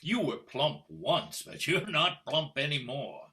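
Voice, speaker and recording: A man's voice: a little high, very animated, bright, forceful tone, full character voice. An older man acting a scornful husband who coldly taunts his wife, in a stage play performed over a video call. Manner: taunting, mocking, coldly deliberate. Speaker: actor in a play. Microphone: computer mic on a video call.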